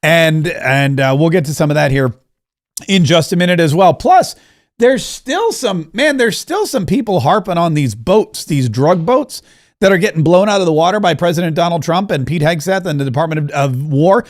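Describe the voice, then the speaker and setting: A man's voice: on the high side, expressive, moderate pace. A middle-aged man hosting a political podcast, talking in a joking, sarcastic, digressive way. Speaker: podcast host.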